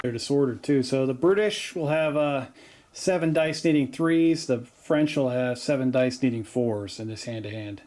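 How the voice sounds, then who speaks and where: A man's voice: mid-range voice, moderate pace, heavy background noise. A man hosting a tabletop wargame battle report, calling dice rolls in a chatty, joking way with lots of fillers. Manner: chatty, jokey, frequent "uh" fillers. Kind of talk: casual battle report commentary. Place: home basement.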